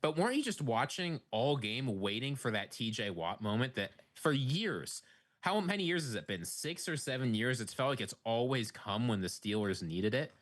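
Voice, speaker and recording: Playful male co-host with a lively pitch, needling and teasing. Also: normal speed. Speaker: sports show co-host. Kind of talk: casual sports chat.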